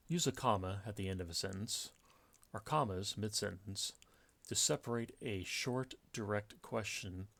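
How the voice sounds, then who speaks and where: A man with a very low voice walks through grammar rules in an unhurried, casual lecture. He explains step by step and often pauses on fillers and restarts himself. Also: a bit bright. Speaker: writing teacher.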